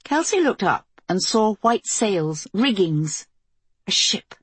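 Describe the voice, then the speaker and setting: A woman reading a novel aloud as an audiobook narrator, in measured, even storytelling. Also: medium pitch, breathy edge, dry recording. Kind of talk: scripted narration.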